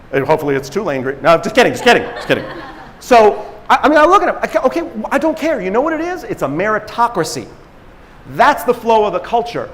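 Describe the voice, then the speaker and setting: A man giving an energetic motivational talk at a conference, acting out quotes and laughing at himself as he tells stories. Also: high-pitched, long reverb tail. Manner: animated storyteller, acts out quotes, laughs at himself. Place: conference stage in a large hall.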